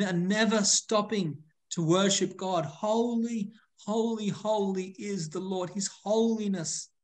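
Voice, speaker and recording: A male pastor with a high voice delivers a sermon. He leans hard on key words, slows down to stress them and repeats phrases for weight.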